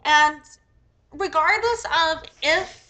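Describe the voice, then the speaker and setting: A young American woman with a high voice talks through a casual livestream. Her tone is bright and sharp, and she curses freely as she wanders through her thoughts, a little under the weather. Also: slow. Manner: profane, rambling, thinks aloud. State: a bit sick. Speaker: livestream host.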